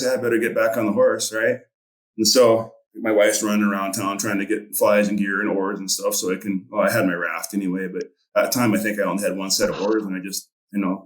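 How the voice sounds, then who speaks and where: A man's voice: on the low side, roomy sound. A middle-aged man and fishing guide, telling a story casually in a rambling way with many fillers. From Montana.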